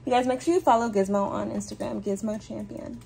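A young woman talking casually to camera in her home as a vlogger, chatty and animated. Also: mid-range voice, a little fast, gravelly, far from the mic, a little hiss or hum. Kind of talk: casual vlog chat to camera.

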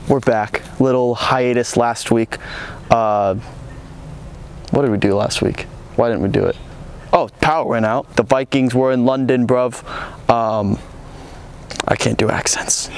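A man co-hosting a sports comedy show, talking in brash, rapid trash-talk banter. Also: mid-range voice, slight background noise.

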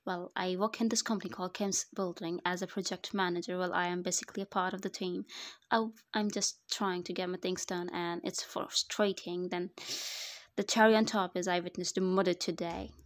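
A woman's voice: fairly low pitch, steady tone, a little fast. Woman, fan fiction narrator, first-person, conversational voice-over. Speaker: narrator and author.

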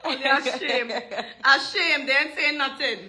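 A woman's voice: high voice, unhurried, pushed and bright. A woman hairstylist with a rural Jamaican accent, chatting casually and teasing, repeating lines playfully. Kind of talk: casual chat on a live stream.

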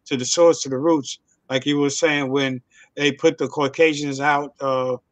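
A man's voice: medium pitch, steady tone, moderate pace, dry recording. A man hosting a casual chat show, talking in an easygoing way with many fillers. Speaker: host.

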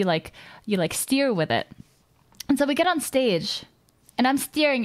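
A young woman streamer telling a long, rambling personal story in casual chat, swearing often and restarting her sentences. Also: high-pitched.

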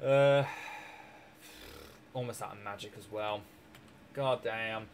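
A man's voice: fairly low pitch, steady tone, slow pace, a little hiss or hum. Chatty Scottish man with a sore throat. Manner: rambling, chatty, jokey, laughs often. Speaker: game streamer. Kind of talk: casual live-stream chat.

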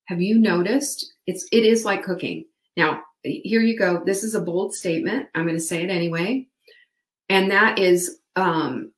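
A woman's voice: lowish voice, moderate pace, reverberant. A woman hosting a live online show, giving upbeat motivational coaching and speaking to her viewers by name. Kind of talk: motivational live-stream talk.

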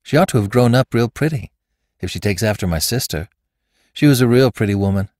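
A man's voice: fairly low pitch, big pitch swings, normal speed, darkish tone, dry recording, clean studio sound, pitched above the performer's own voice. A man voicing a plain-spoken spinster schoolteacher who talks curtly and matter-of-factly. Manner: curt and matter-of-fact.

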